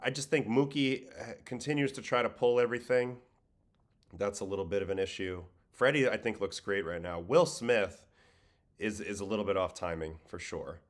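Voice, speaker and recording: Man host with a faint New York-Boston accent, deep voice, relaxed and a bit worn out, casual livestream talk. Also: normal speed. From Brooklyn, New York. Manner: relaxed, conversational, reads chat questions aloud. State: tired. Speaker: livestream host, former pitcher. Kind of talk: casual livestream chat answering viewers.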